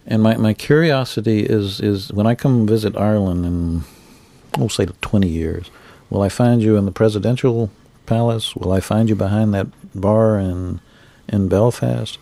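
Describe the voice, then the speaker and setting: A man co-hosting a radio interview, asking curious questions in a halting way, repeating words as he starts. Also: fairly low pitch, creaky, warm tone, no room sound. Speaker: radio co-host.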